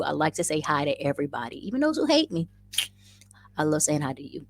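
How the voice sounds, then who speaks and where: A woman with a low, expressive voice talks fast while hosting a casual livestream. She greets viewers by name with great enthusiasm and chats her way through the comments, often repeating her phrases.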